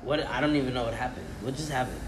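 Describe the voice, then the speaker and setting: A man's voice: mid-range voice, lively intonation, fast talker. Teasing young man, profane podcast banter. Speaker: podcast co-host. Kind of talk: casual podcast chat. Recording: echoey room with background noise.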